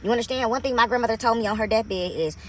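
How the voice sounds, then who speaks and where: A woman's voice: on the high side, fast, a little hiss or hum. A woman talking about her faith from inside her parked car, emphatic and repetitive, calling listeners honey and baby. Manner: preachy, emphatic, repeats phrases for effect; calls viewers honey and baby. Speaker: vlogger sharing her faith. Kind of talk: casual faith talk to camera.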